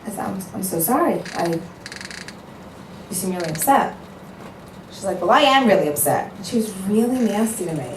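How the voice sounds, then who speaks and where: A woman's voice: mid-range voice, normal speed, pauses often. A woman addresses an audience with earnest conviction, slipping into other people's voices as she retells phone calls. She sounds slightly far from the mic, in an echoey room with a faint hum behind her. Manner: earnest, animated storytelling, acting out both sides of phone calls. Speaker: matchmaker giving a talk. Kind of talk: speech to an audience.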